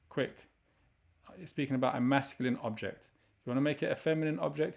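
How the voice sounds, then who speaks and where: A man teaching a recorded language lesson, explaining grammar steadily and reading each vocabulary word slowly before translating it. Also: mid-range voice, gravelly. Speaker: Arabic teacher.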